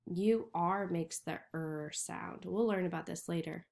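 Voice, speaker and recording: Slow, patient woman teaching reading. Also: fairly low pitch. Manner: slow, clearly sounding out letters. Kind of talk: reading lesson for young children.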